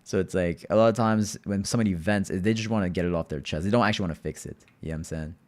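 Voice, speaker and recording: A man's voice: sits low, racing. A man streaming live and chatting casually with his viewers, talking in a laid-back, rambling way and often addressing the chat directly.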